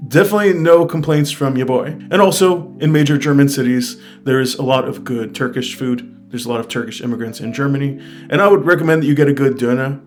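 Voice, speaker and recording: A man's voice: mid-range voice, fast. An American man talking casually to his viewers in a travel review, enthusiastic and peppering his speech with "like" and "I mean". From United States. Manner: chatty, fills speech with "like" and "I mean"; enthusiastic, recommends things directly to viewers. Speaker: travel vlogger. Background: faint guitar music.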